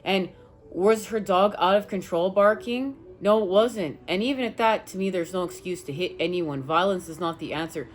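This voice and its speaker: A woman's voice: medium pitch, moderate pace, slight background noise. A woman tarot reader telling viewers a personal story in an emphatic, rambling way, swearing now and then. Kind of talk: casual spiritual talk to viewers.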